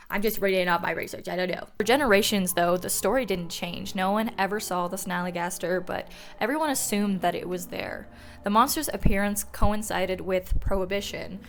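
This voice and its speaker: A woman's voice: medium pitch, slight background noise, rough recording. A young woman telling folklore on her vlog in a loose, profane, self-mocking way. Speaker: folklore vlogger. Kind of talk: casual storytelling vlog.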